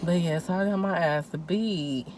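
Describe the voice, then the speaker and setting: A young woman telling a story in casual chat while eating, animated, acting out quotes and laughing often. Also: fairly low pitch, normal speed, noisy background. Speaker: co-host.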